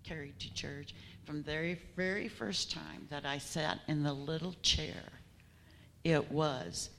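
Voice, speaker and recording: A woman in a church congregation speaking in a slow, reflective, deliberate way. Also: sits low, fairly even intonation, creaky, fairly bright tone, a little hiss or hum. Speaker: congregation member.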